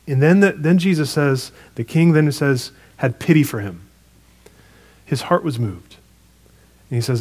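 A man preaching a sermon, retelling a parable in a conversational, animated way with casual asides. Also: on the high side, moderate pace. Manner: storytelling, animated retelling with acted quotes.

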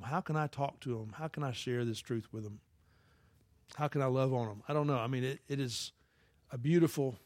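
A man's voice: mid-range voice, darkish tone, dry recording. A young man preaching a sermon with an earnest, folksy, conversational manner that slides into prayer. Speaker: pastor.

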